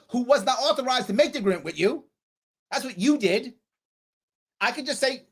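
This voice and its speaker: Blunt, heated high-voiced man. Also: lively intonation, moderate pace, fairly bright tone, husky. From New York. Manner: blunt and heated, scolding a commenter. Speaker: political candidate hosting a livestream. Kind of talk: live-stream talk reading chat comments.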